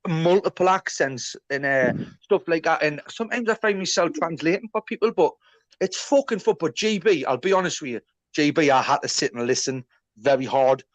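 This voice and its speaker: A man's voice: on the high side, lively intonation, a little fast, no echo. Sweary rambling northern man on stream. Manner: sweary, rambling, restarts often. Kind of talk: casual livestream chat. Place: kitchen.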